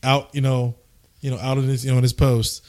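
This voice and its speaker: A man's voice: mid-range voice, level tone, a little fast, a little mellow. A man on a casual group call who laughs often and repeats himself as he lays out his questions. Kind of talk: casual chat.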